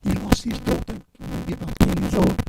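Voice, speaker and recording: At a memorial service, an older man gives an earnest, halting eulogy for his granddaughter, his very high-pitched voice hoarse from years of choir singing. The recording is very noisy.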